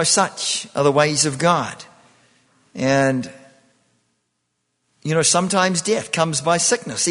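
A man's voice: on the high side, a bit bright, big-room sound. A man preaching a sermon, often repeating himself and restarting phrases.

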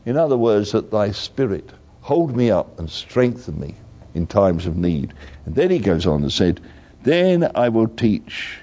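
An older man preaching a sermon slowly and earnestly, repeating his key phrases. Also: lowish voice, expressive, dark tone. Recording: dull lo-fi recording.

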